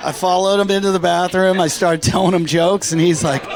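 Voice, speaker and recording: Higher-voiced man doing stand-up. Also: a little fast, some chatter behind. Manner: deadpan storytelling, dropping quietly into quoted lines. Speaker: stand-up comedian. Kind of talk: stand-up comedy set. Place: comedy club stage with audience laughter.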